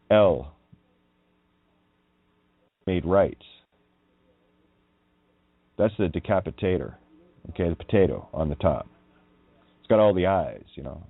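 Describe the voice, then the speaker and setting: Male radio host, low and animated, rambling and emphatic; tinny phone-line sound. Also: gravelly, no room sound. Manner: wandering, emphatic, swears when riled. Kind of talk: rambling monologue on word meanings.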